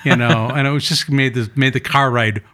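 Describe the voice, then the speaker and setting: Man, casual storyteller, bright tone, mid pitch, acts out quotes. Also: brisk. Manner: animated anecdotes, acting out quotes. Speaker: guest.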